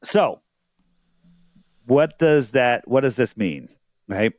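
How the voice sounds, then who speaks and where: Male guest, mid-pitch, earnest casual explainer who keeps asking "right?", dry close-miked sound. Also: expressive, slow pace, no room sound. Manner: earnest, peppered with rhetorical "right?" checks. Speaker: interview guest. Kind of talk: casual explaining while sharing his screen.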